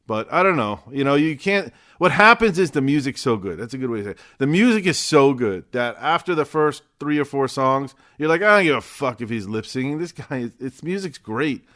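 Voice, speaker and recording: Guy vlogging a show review, loose and rambly, swears a bit, regular everyday pitch. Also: expressive, moderate pace, hardly any pauses, fairly bright tone. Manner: chatty, rambling, swears casually. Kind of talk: casual vlog review.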